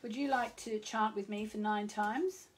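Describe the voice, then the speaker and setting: A woman's voice: mid-range voice, steady tone, a little slow, a little hiss or hum. A middle-aged Australian woman, an astrologer chatting casually and rambling with many fillers on a live stream. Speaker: astrologer hosting a live show.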